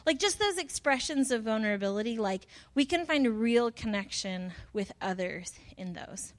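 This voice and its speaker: A woman's voice: a little high, expressive, normal speed. A woman in her thirties, a pastor giving a casual, chatty sermon with lots of fillers and self-deprecating asides.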